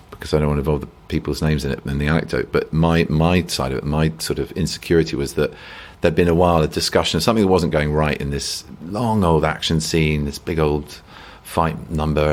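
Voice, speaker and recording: Very deep-voiced man musing at length. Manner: reflective, self-deprecating, many restarts. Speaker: actor guest. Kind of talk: rambling conversational interview.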